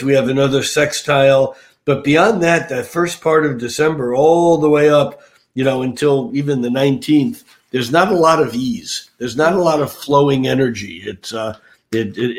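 An older man, an astrologer on a podcast, talking casually with many fillers and restarts. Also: mid-range voice. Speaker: astrologer guest.

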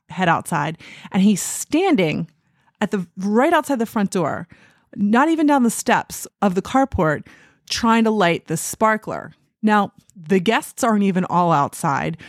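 Chatty low-voiced woman recounting a story. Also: no echo, clean studio sound. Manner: chatty, animated retelling with frequent "like" fillers. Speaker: wedding photographer and podcast host. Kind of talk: casual storytelling podcast.

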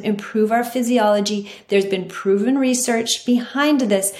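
A woman's voice: fairly high pitch, a little mellow. A woman naturopathic doctor hosting a health podcast, talking earnestly and emphatically and repeating her key points. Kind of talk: scripted health talk. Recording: roomy echo.

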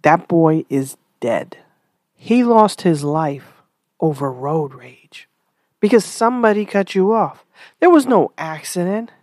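A woman giving an earnest spoken commentary, asking rhetorical questions with sighs and lively pitch swings. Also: a little slow, no echo.

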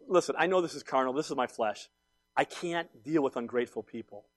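A pastor in his fifties preaches a sermon, sharing personal stories in an animated, emphatic way. His medium-pitched voice moves a little fast and swings from quiet asides to loud outbursts.

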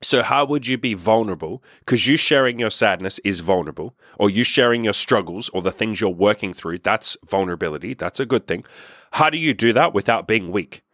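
A man's voice: fairly low pitch, expressive, brisk, a bit bright, dry recording. Blunt, emphatic young man on a dry mic. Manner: blunt, emphatic, casual swearing. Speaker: podcast host. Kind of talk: motivational monologue.

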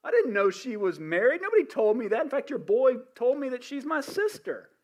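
Male preacher doing a panicky ancient king, pitched high, begging off blame. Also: sing-song, fairly quick, a little mellow. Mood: pleading. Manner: pleading, high and protesting. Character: flustered ancient king pleading innocence.

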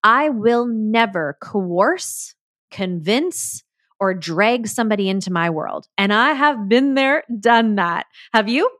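A podcast host and business coach delivers an emphatic, motivational solo monologue with plenty of enthusiasm. Her medium-pitched, fairly bright voice has lively intonation, and she takes it slowly. The recording is dry and close, with no echo or room sound.

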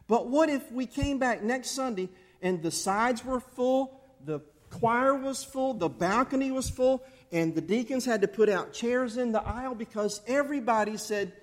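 A man preaching a sermon to his church, animated, acting out angry outbursts along the way. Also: extremely high pitch. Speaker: pastor. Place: church sanctuary.

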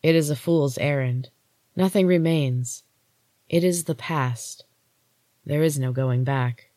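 A woman reading a story aloud, voicing a glowing golden goddess who speaks low, hushed and measured. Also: no room sound. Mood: grave. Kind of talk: audiobook-style story reading.

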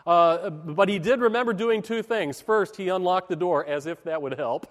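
A high-pitched man delivers a sermon from the pulpit. He speaks with emphasis and measured, dramatic pauses. His voice rings with the long reverb of a large hall. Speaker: pastor.

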